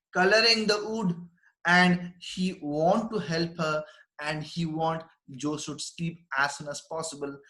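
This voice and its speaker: Man, teacher, reads then paraphrases and repeats, fairly high voice, roomy echo. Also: fairly bright tone. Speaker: English teacher. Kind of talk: line-by-line literature lecture. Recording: echoey room.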